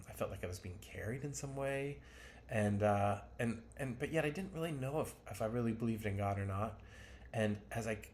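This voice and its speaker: A man's voice: fairly low pitch, darkish tone, slight background noise. A man telling his own life story to camera in a candid, rambling, self-deprecating way.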